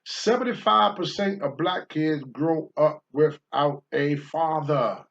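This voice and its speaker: A man's voice: on the high side, slow, vocal fry, a bit bright, lo-fi sound. An older man hosting a talk show, answering viewer questions in a blunt, preachy monologue and swearing freely.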